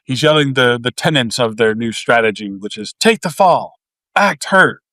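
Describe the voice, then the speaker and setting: A man's voice: mid-range voice, sing-song, moderate pace, pushed and bright, dry recording. A man from Canada co-hosting a casual movie podcast, recapping the plot bluntly and swearing freely. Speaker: podcast co-host.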